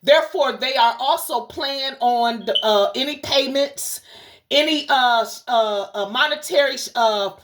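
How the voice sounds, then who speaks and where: Woman spiritual reader, livestream host: preacherly, fervent, profane, talks right at the viewers in a slightly high voice. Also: a little slow, fairly bright tone. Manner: fervent and preacherly, with frequent cursing; addresses the audience directly and repeatedly.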